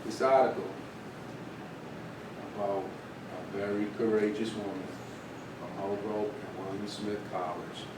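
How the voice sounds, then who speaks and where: A middle-aged man, a teacher, telling a candid story to his class in an animated way. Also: a little slow, pauses often. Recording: echoey room from far off, faint rumble.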